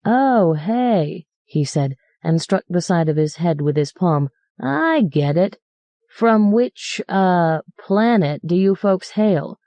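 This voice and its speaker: A woman reading as a sneering male cabbie who rants and mocks his passengers with fake politeness. His voice sits low and mellow, with a dry close sound and no room around it. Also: animated, unhurried, hardly any pauses, no echo. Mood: sarcastic ranting. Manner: mocking, ranting, mock-polite. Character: sarcastic foul-mouthed male New York cab driver.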